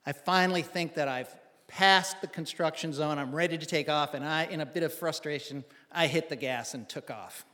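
A man's voice: on the high side, normal speed, few pauses, pushed and bright, big-room sound. A man telling a personal story to an audience in a wry, conversational, self-deprecating way.

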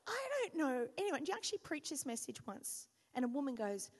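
A woman from Australia preaching in a high voice, telling stories with lively, self-mocking humor. Her words ring out with a long reverb from a church hall. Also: fairly quick, few pauses. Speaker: pastor. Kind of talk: sermon.

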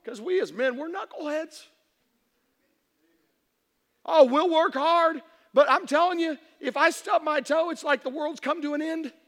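A man preaching a sermon as pastor, animated, acting out voices and shouting for emphasis. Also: very high voice, unhurried, long pauses. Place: church sanctuary. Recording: echoey hall reverb.

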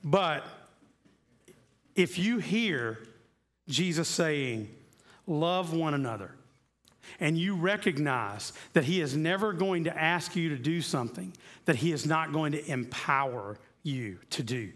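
A man preaching a sermon as a pastor. He talks earnestly, repeating key phrases and slowing down to stress them. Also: a little high, lively intonation, fairly bright tone.

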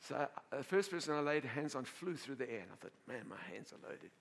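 A male pastor preaching a sermon to a congregation, telling a story in an animated way, laughing and often repeating and restarting his words. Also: mid-range voice, quick pace, gravelly.

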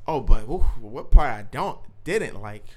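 A man from the United States with an East Coast accent, co-hosting a casual podcast chat, animated and slangy, laughing and swearing often. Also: mid-range voice, measured pace. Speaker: podcast co-host.

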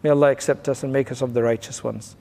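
A man's voice: medium pitch, fairly even intonation, fast talker, gravelly, a little mellow, long reverb tail. A man giving a recorded religious class, explaining old narrations plainly and mixing in Arabic phrases. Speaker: religious teacher.

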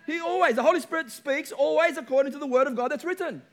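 High-voiced emphatic male pastor. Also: fast talker. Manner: emphatic, repeats key phrases. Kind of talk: sermon.

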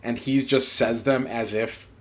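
A man's voice: medium pitch, steady tone, unhurried. A man co-hosting a casual podcast, talking about a film in a loose, chatty way and acting out quotes from it. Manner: chatty, lots of "like", acts out quotes. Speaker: podcast co-host.

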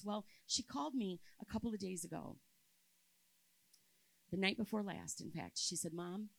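In poorly recorded audio with no echo, a woman in her fifties gives a church-camp sermon, sharing a personal story. Her mid-range voice carries vocal fry and swings from loud, emphatic stretches to hushed, gentle ones.

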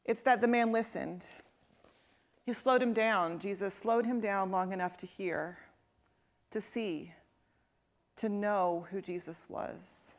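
A woman's voice: mid-range voice, fairly even intonation, slow, pauses often. Woman preaching in a conversational tone. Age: adult parent. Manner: conversational, asks the congregation questions; drops to a soft, quiet tone for emphasis. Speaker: pastor. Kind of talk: sermon.

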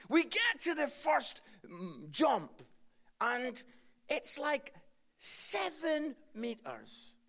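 Scottish male preacher, gravelly, comic storyteller turned earnest. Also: extremely high pitch. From Scotland. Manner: tells funny stories with loud laughing peaks, then drops to quiet earnest appeals.

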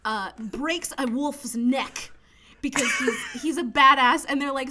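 A woman co-hosting a casual podcast chat, laughing often as she retells movie scenes with quick impressions. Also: high voice, sharp tone, slight background noise. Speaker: podcast co-host.

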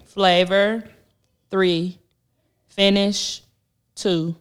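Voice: mid-range voice, level tone, extremely slow, clean tone. Laid-back voice rating wines. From Milwaukee. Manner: laid-back, laughs easily, reads out ratings. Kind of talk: casual chat.

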